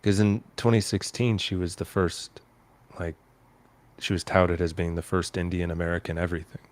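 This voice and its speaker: A man co-hosting a casual podcast chat, reading out headlines in a hesitant, halting way with frequent restarts. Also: low-pitched, little pitch movement. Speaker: podcast co-host.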